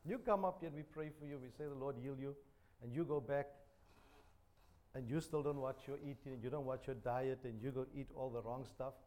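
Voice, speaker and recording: A man's voice: medium pitch, brisk, warm tone. A man preaching a sermon, joking and chatty, repeating phrases. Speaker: pastor. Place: church.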